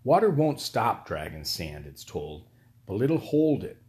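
Cunning court magician, older male, quietly theatrical and calm, as voiced by a male narrator. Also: fairly low pitch, a little slow. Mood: calm, sly.

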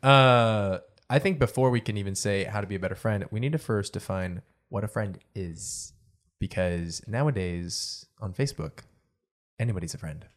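A man's voice: fairly low pitch, normal speed. A young man with a mid-range voice hosts a loose podcast chat. He drifts between topics, trails off and laughs easily among friends. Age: young adult. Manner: rambling, laughs often. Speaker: podcast host. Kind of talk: casual chat.

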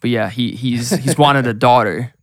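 A man's voice: medium pitch, normal speed, no echo. A young man hosting a podcast and chatting casually with his father, often saying "like". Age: young adult. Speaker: podcast host.

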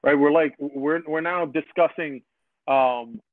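A man hosting a casual podcast chat. He talks in an animated, rambling way, repeats his words and acts out what other people said. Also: on the high side, slow, no echo. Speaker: podcast host. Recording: dry phone-like audio.

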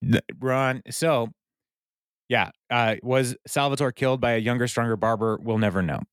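A man's voice: mid-range voice, moderate pace, clear, resonant tone, no room sound. Dry-sounding chatty male podcast host. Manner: chatty storytelling, laughing between lines. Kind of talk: casual episode recap chat.

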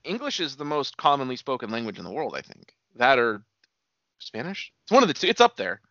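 A man's voice: medium pitch, wildly swooping pitch, fairly quick, fairly bright tone, dry recording. A man co-hosting a podcast in casual, crude banter. He rambles eagerly and laughs easily. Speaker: podcast co-host. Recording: dull lo-fi dry sound.

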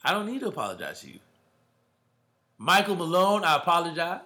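Bright-voiced man in casual sports talk. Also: on the high side, sing-song, a little fast. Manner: emphatic, slangy, calls listeners bro.

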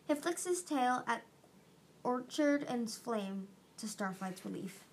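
A woman reading a fantasy novel aloud as an amateur audiobook, steady with small restarts. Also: a little high, takes it slowly, slightly rough. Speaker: audiobook reader.

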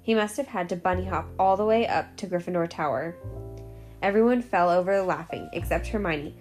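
A woman reading a novel aloud in a steady, clear way, with small slips now and then. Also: lowish voice, brisk, soft background music. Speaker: storyteller.

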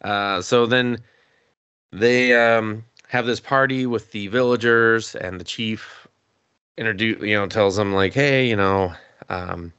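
A man's voice: lowish voice, steady tone, slow pace, sharp tone, smooth, dry recording, lo-fi sound. A man casually recapping an anime on a podcast, laughing often and swearing freely. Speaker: podcast co-host.

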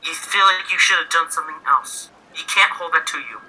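A man's voice: on the high side, fairly quick, sharp tone, husky, full character voice. A man playing an earnest grieving crewmate. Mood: earnest, consoling. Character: earnest man consoling his captain over his dead brother. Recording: phone-like lo-fi line.

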